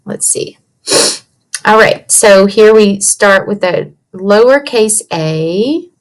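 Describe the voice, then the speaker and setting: A woman with a mid-range voice and lively intonation gives young kids a writing lesson from her computer, using the computer's mic. She goes slowly, patiently sounding out letters and words.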